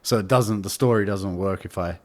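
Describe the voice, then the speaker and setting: A man's voice: deep voice, a little fast. A man telling a long, rambling story as a podcast guest. He laughs often and swears freely in heavy slang. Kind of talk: casual storytelling.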